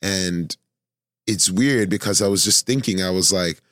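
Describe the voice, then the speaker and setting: A man's voice: low voice, a little slow, a bit bright, no room sound, studio quality. A young man, a filmmaker guest, telling a story in a thoughtful, meandering casual chat. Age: young adult. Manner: thoughtful, many fillers and restarts.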